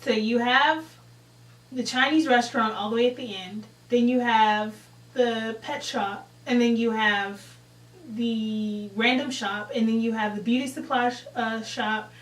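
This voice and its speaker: A young woman vlogger telling a story in a casual, animated way, swearing freely and acting out the scene. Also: on the high side, a little slow, reverberant, far from the mic, low-quality recording. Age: young adult.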